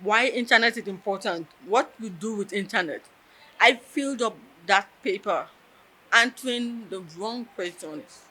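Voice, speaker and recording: A woman's voice: medium pitch, a little slow, pushed and bright, low-quality recording. A woman telling a personal story in an interview, earnest and emotional, close to tears. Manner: earnest, emotional, tells with quoted dialogue.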